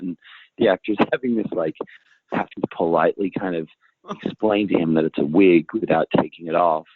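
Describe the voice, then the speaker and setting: A man's voice: low-pitched, fairly quick, slightly rough, dry recording. A man telling stories as an interview guest, rambling and restarting his sentences. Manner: rambling, self-interrupting, laughs along. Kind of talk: casual storytelling in an interview. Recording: phone-like, dry call audio.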